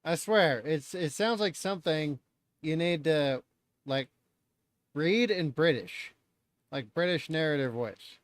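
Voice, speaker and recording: A man's voice: a little high, takes it slowly, no echo. A man hosting a live stream, reacting in loose, chatty talk and swearing freely.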